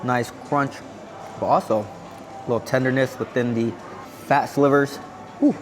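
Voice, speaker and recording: A man's voice: mid-range voice, fairly even intonation, unhurried. A man vlogging a casual food review at a hotel buffet, chatting as he tastes and humming contentedly between bites. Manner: chatty, savoring each bite with contented hums. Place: indoor hotel buffet restaurant. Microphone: camera-mounted shotgun mic.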